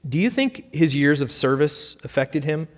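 A man's voice: a little high, big pitch swings, normal speed, voice pushed up. A man plays an attorney who is offhand at first, then careful and hesitant with his words, lifted a little above the narration. Long hall reverb trails every line. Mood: measured.

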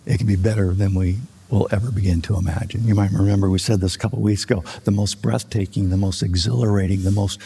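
A man's voice: on the low side, steady tone, fast talker, creaky, hardly any pauses, warm tone, slightly rough. An older male pastor preaching a folksy, conversational sermon with light jokes. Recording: long reverb of a large hall.

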